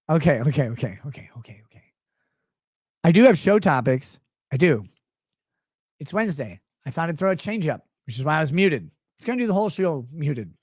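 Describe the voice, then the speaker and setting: A livestream host rants into a streaming desk microphone, rambling, sarcastic and profane. His voice is high-pitched, and the sound is studio quality with no echo.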